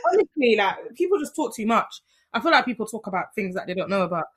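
A woman's voice: medium pitch, big pitch swings, fast talker, slightly rough. A young woman hosting a podcast, chatting in a bubbly, teasing, playful way. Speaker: podcast host. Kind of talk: casual chat.

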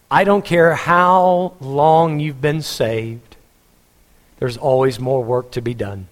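A man's voice: mid-range voice, slow pace. A pastor preaching a sermon in a church hall, earnest and humorous, speaking straight to his congregation. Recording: long church hall reverb.

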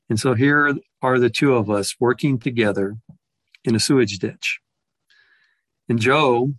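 A man's voice: medium pitch, fairly bright tone, no room sound. Reflective man telling a personal story. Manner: reflective, with frequent restarts and repeated words.

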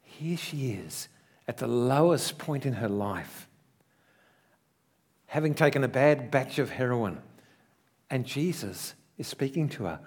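A middle-aged man, a pastor, preaching a sermon with earnest storytelling that swells in emphasis and then drops into soft, slowed asides. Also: mid-range voice, lively intonation. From Australia.

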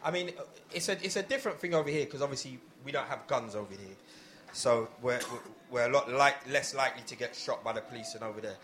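A man hosting a casual panel discussion, telling stories in an animated way and laughing often. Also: medium pitch, quick pace, a little hiss or hum. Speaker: host.

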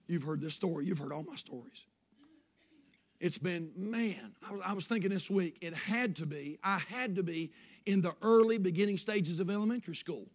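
A man in his fifties preaching a sermon, moving between shouted declarations and quiet, hushed storytelling. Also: sits high, moderate pace. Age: 50s.

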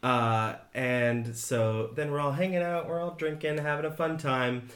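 A man running a tabletop game, narrating a scene in a relaxed way with many fillers. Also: on the high side, a little slow. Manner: relaxed, laughing, lots of fillers. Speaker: game master. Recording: roomy echo.

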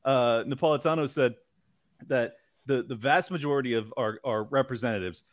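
A man chatting on a podcast in a loose, animated way, swearing freely and breaking into laughs. His voice sits at an ordinary middle pitch. It is recorded close and dry, with no room sound. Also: moderate pace, no room sound. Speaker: podcast host. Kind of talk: casual chat.

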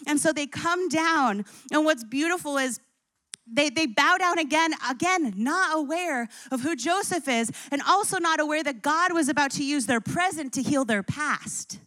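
A young adult woman preaching, retelling scripture in a lively storytelling way. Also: sits high, normal speed, dry recording. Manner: storytelling, acts out scripture figures with rising intensity. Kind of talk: sermon.

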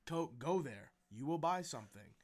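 Young dude rambling on a podcast, kinda high voice, swears a lot. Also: male voice, animated, moderate pace, darkish tone. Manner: rambling, profane, laid-back. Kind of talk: casual chat.

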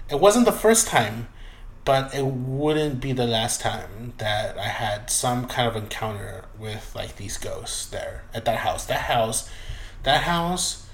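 A man spins a personal story in relaxed chat, cursing freely and slipping into the voices of the people he describes. His mid-pitched voice rings in a roomy space with a faint noise floor. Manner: loose, profane, acts out voices in retelling. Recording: roomy echoey room.

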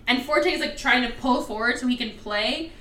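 A woman hosting a podcast in casual chat, talking in an animated, profane, ranting way. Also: high voice, normal speed, far from the mic. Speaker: podcast host. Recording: roomy, off-mic.

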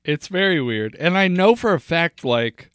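A man's voice: on the high side, expressive, normal speed, fairly bright tone, smooth, dry recording. A man co-hosting a casual podcast, rambling and joking, often laughing. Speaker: podcast co-host. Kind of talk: casual chat.

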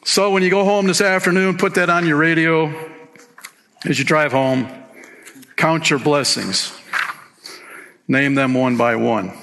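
Gravelly, bright-voiced man preaching in a hall. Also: fairly high pitch. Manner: animated, sings hymn lines and reads book passages aloud. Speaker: pastor. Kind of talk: sermon. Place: church sanctuary. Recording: long hall reverb.

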